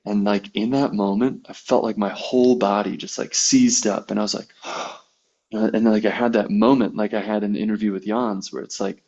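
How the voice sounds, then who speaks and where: A man's voice: on the low side, fairly even intonation, a little fast, few pauses, darkish tone, lo-fi sound. A man telling a personal story in casual conversation, acting out quoted dialogue as he goes. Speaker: podcast guest, massage therapist.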